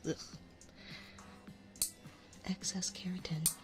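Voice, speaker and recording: A woman streamer chatting casually in an ASMR stream, rambling and often dropping into a soft whisper. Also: on the low side, flat delivery, slow pace, music in the background. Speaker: VTuber streamer.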